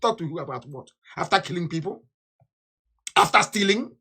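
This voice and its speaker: A man giving an impassioned political broadcast, fiery and scornful, repeating himself and bursting into shouts. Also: sits high, animated, moderate pace, vocal fry, breathy edge. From Nigeria. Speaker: activist leader.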